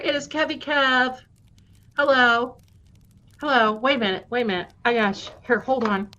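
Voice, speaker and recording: A woman's voice: a little high, steady tone, normal speed, bright, forceful tone. A woman hosting a live stream, chatting affectionately with viewers and telling spooky stories in a casual way. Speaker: live-stream storyteller host. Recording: dull lo-fi stream audio.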